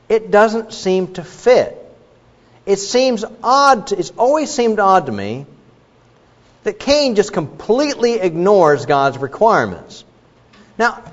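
A man preaching a sermon in an animated, questioning manner, with asides to the congregation. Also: on the high side. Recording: dull recording with long hall reverb.

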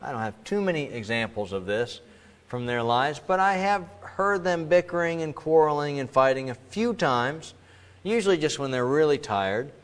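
A middle-aged man preaching a sermon in a conversational way, now and then acting out quoted voices with sudden jumps in pitch. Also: animated, moderate pace. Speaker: pastor. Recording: long reverb of a large hall.

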